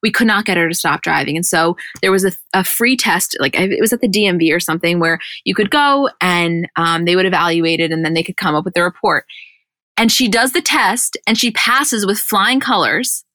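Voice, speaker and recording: A woman's voice: fairly low pitch, expressive, sharp tone, no echo. Chatty woman podcaster, dry close mic. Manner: chatty, rambling, quick to laugh, acts out quotes. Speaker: podcast co-host. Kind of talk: casual recap chat.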